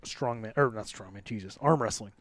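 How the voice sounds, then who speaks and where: A man's voice: fairly low pitch, fairly quick, fairly bright tone, no echo, studio quality. A man hosting a podcast in casual, profane, rambling chat. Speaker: podcast host.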